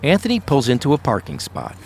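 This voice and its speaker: Male podcast host reading documentary narration, animated melodic delivery. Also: mid-range voice, a little hiss or hum. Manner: measured, storytelling.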